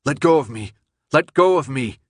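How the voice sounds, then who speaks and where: A man voicing a desperate, shouting teenage boy. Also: medium pitch, lively intonation, brisk, no echo, studio quality, natural voice. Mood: urgent. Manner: urgent, shouting.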